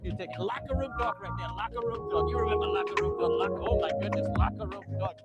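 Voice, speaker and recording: A man's voice: high voice, quick pace, dull audio, over loud music. A man livestreaming on a city street, chatting with passersby and his viewers. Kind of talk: casual street livestream chat.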